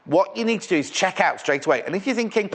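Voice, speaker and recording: A man's voice: high voice, expressive, fast talker, fairly bright tone, slightly rough. A man presenting live on a shopping channel in a studio, with chatty, rambling sales patter.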